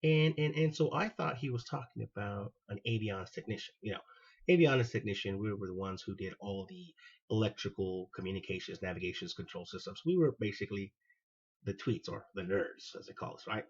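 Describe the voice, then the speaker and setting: A man, a former Marine hosting his own show, telling a personal story in an animated way and acting out what people said. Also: on the low side, a little fast, breathy edge, muffled recording. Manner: animated, acts out quoted dialogue. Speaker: podcast host, former Marine.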